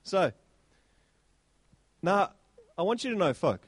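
A high-pitched man delivers a sermon in church. He talks animatedly, calling out to the congregation. The sound is dry and close. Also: slow, pauses often, breathy edge, no room sound. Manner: animated, exclaiming, sweeping pitch swings. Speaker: pastor.

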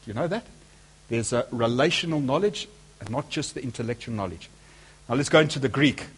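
A man's voice: medium pitch, expressive, fairly quick, slightly rough. A man preaching a sermon, speaking emphatically and asking his listeners rhetorical questions.

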